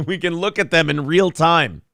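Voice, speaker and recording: A man's voice: a little high, unhurried, gravelly, pushed and bright, dry recording, studio quality. A man co-hosting a morning talk show, giving sarcastic political commentary in a mocking tone. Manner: mocking, sarcastic, laughs often. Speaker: co-host.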